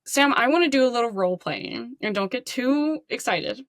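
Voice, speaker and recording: Woman host chatting sports, fairly high voice, joking around, dry sound. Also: animated, moderate pace, no room sound. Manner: chatty, joking, laughs often. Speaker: podcast host. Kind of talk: casual chat.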